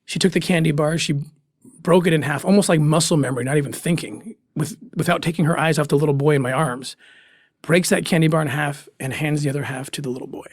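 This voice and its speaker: A man recounts his past fieldwork as a guest in an interview, his voice a little higher than most men's. He is earnest and emotional, pausing and starting over as he goes. The sound is dry and close, with no room around it. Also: husky, no echo. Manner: earnest and emotional, with restarts and pauses. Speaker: guest, former special agent. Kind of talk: personal story told in an interview.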